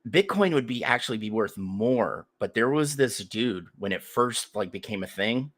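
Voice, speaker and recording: A male podcast co-host in loose, casual chat, swearing freely and telling stories with gusto. His voice is bright and forceful, sitting a little low in pitch. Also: moderate pace. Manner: crude, animated, profane storytelling.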